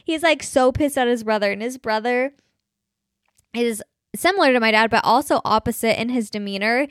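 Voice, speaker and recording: A young woman hosts her own podcast, telling stories casually with lots of "like" and frequent laughter. Her voice sits a little high. The sound is close and dry, with no room echo. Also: moderate pace. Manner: chatty, animated, laughs while telling stories, many "like" fillers. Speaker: podcast host. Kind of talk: casual storytelling monologue.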